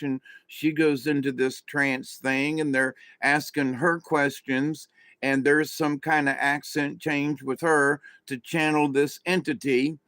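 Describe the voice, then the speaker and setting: A man's voice: fairly high pitch, flat delivery, unhurried, a bit bright, dry recording. A man hosting his own spiritual channel, telling a story in a loose, rambling way with restarts and asides to his viewers. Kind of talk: casual storytelling monologue.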